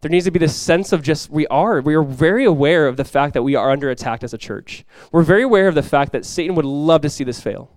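A man preaching a sermon as pastor, telling stories with lively energy, then dropping quiet and slow to press a point. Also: on the high side, no room sound, clean studio sound. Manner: animated storytelling, drops quiet and slow for emphasis; conversational, many fillers like "like" and "you guys".

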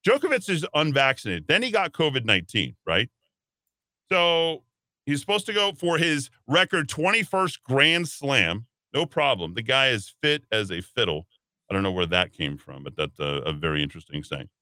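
A man's voice: mid-range voice, animated, moderate pace, sharp tone, dry recording, studio quality. A man hosting a talk radio show, ranting emphatically and sarcastically, at times putting on mocking voices. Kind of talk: opinionated talk radio monologue. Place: radio studio.

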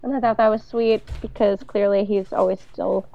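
A woman's voice: medium pitch, fairly even intonation, normal speed, creaky. A woman chats through a casual recap as a podcast co-host. She talks loosely and now and then swears as she reads lines aloud. Her voice comes through dull and muffled, with a dry, close sound and no room echo. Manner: chatty, swears, reads show quotes aloud.

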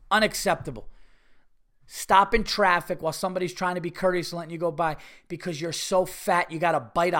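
A man's voice: medium pitch, fairly bright tone. A man hosting a podcast, delivering a comedic rant with profane, fired-up energy. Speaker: podcast host.

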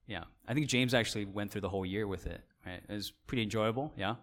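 A man's voice: on the low side, quick pace. A man as pastor, giving a conversational seminar talk, often checking in with his audience and correcting himself. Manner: conversational, with frequent fillers and self-corrections. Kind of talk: casual teaching talk.

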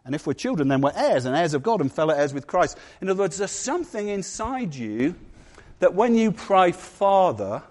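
Male pastor, higher voice, animated sermon delivery with playful asides. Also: a little fast.

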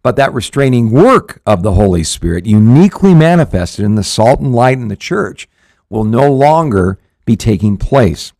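A man's voice: mid-range voice, very animated, moderate pace, a little mellow, dry recording. Earnest pastor man, dry close sound. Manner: earnest, rambling with frequent restarts and fillers. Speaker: pastor and show host. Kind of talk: conversational Bible teaching.

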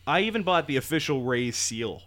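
Bright, animated male podcast co-host. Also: mid-range voice, fairly quick. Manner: wry, dry jokes with laughter. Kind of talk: casual chat.

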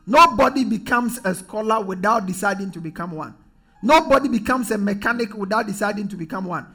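A man preaching a sermon in church, leading the congregation in call-and-response and often rising to shouts. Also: sits high, animated, a little fast.

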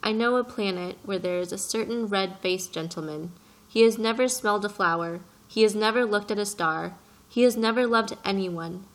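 A woman's voice: medium pitch, moderate pace, lightly acted. A woman voicing an earnest little boy prince who presses his questions with passion in an audiobook reading. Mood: indignant. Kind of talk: audiobook character voice.

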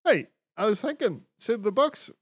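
A man's voice: high voice, animated, normal speed, husky, dry recording. A man co-hosting a podcast in sweary, laughing casual banter. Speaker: podcast co-host. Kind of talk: casual chat.

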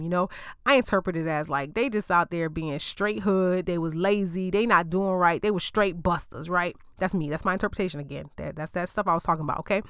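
A woman's voice: lowish voice, smooth, no echo, clean studio sound. A woman podcast host retelling a Bible story in casual slang, with joking asides to her listeners.

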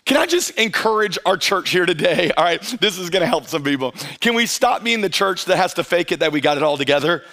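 High-voiced energetic male pastor preaching. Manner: energetic, conversational preaching, plays voices of churchgoers; stretches key phrases slowly for emphasis. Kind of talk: sermon.

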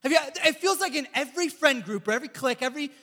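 A young man giving a casual youth sermon, chatty and animated, telling stories and reading scripture. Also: very high voice, very fast. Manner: animated, chatty, lots of "like" and "bro". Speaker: youth pastor. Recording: echoey hall reverb.

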